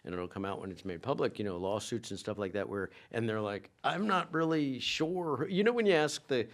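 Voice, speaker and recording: A very low-pitched man chatting casually on a podcast. He rambles and halts, restarting his sentences often. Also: animated. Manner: rambling, halting, many restarts. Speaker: podcast co-host. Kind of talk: casual chat.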